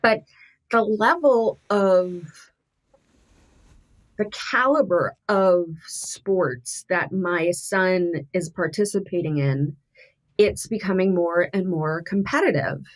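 Earnest woman, thoughtful and halting. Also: on the low side. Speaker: guest. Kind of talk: candid podcast conversation.

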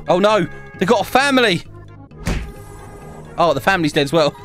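A young man casually commentating on his gameplay, chatty and excitable, often laughing. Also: sits high, normal speed, pauses often. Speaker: gaming YouTuber. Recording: faint game music behind.

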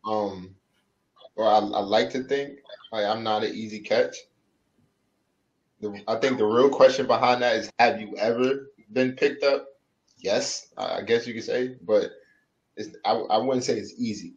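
A man's voice: lowish voice, fairly even intonation, unhurried, dull audio. A man on a casual panel show, joking around in slangy talk about dating. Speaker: panel guest.

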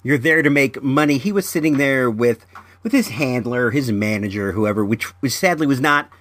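A man hosting a podcast in casual chat, halting and often repeating his words as he rambles. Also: medium pitch, expressive, a bit bright, slight background noise. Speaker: podcast host.

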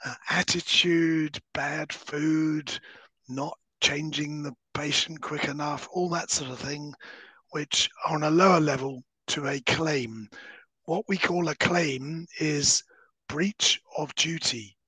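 A hoarse man, a solicitor giving a measured, explanatory webinar talk over a video call. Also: a little high, sharp tone, no room sound, poor audio. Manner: measured, explanatory, dips into breathy near-whispers. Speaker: solicitor giving legal advice. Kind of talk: webinar presentation.

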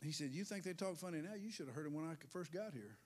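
A male pastor preaching a sermon in church, swinging from hushed asides to shouted, sing-song peaks. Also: on the high side, lively intonation, quick pace.

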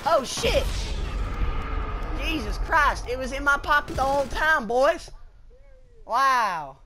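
A woman gamer talking loud, goofy and profane in online party chat, drawling "y'all" and "feller". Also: high voice, animated, slow, a little hiss or hum. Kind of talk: rowdy party chat while gaming.

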